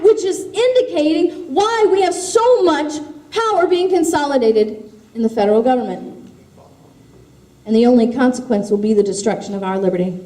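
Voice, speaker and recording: A woman grassroots activist gives an impassioned speech, telling stories with emphatic force, recorded in an echoey hall. Her voice is extremely high-pitched and warm.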